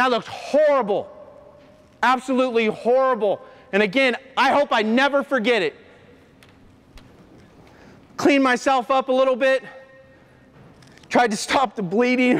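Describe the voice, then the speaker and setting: A man who is a former coach and motivational speaker, telling an emotional personal story to an audience in an earnest, halting way. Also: very high-pitched, fairly bright tone. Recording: long hall reverb.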